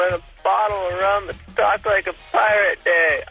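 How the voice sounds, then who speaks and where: Silly guy on a voicemail, high gravelly voice, slow and singsongy. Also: fairly even intonation, sharp tone, soft background music, rough recording. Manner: goofy, sing-song. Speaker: answering-machine caller.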